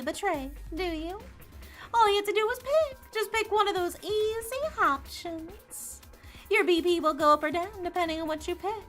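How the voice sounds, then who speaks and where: A woman with a high, slightly bright voice reads a visual novel on stream. She plays a mischievous male AI rabbit who runs the game, using a fake Southern drawl and a taunting, singsong delivery.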